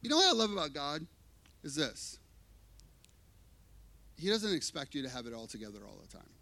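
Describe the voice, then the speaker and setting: Bright, animated preacher man. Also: on the high side, normal speed. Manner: animated and emphatic, swinging between hushed and loud. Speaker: pastor. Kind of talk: sermon. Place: church.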